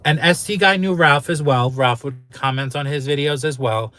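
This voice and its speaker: A man with a slightly high, bright, forceful voice talks at normal speed. Hosting his own YouTube channel, he tells a personal story candidly and casually, getting emotional and swearing freely.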